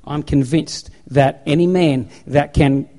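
A man's voice: a little high, fairly even intonation, slow, warm tone. A man preaching a sermon into a handheld microphone to an audience, in an emphatic, repetitive exhorting manner. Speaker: pastor.

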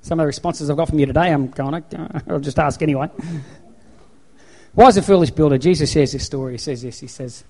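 A man's voice: on the high side, quick pace, hardly any pauses, darkish tone. A man preaching a sermon into a handheld microphone to an audience, in an emphatic, repetitive exhorting manner. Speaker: pastor.

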